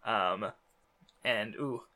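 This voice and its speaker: Male co-host, bright and forceful, loose rambling delivery packed with fillers and chuckles. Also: lowish voice, drawn-out words. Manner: rambling, filler-heavy, laughs often, swears. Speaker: podcast co-host. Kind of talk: casual chat about manga.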